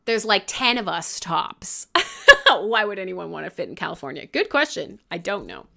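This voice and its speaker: Lively, bright-voiced woman host. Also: mid-range voice, normal speed, creaky. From Canada. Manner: swearing, laughing, joking. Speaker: radio show host. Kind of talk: irreverent live chat.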